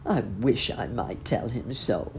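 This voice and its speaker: A woman voicing a kindly old gentleman rabbit who talks in a gentle, musing way. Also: very deep voice, takes it slowly, a little hiss or hum. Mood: amused.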